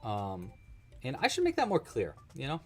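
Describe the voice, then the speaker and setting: Casual male livestream host, joking and thinking out loud, very animated melody. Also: medium pitch, normal speed. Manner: chatty, joking, thinks aloud while working. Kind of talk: casual live crochet-along chat.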